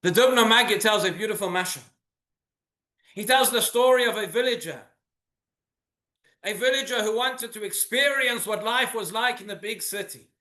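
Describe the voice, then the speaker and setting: Male rabbi, earnest sermon with rhetorical questions; high, bright voice; roomy synagogue echo. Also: moderate pace, pauses often.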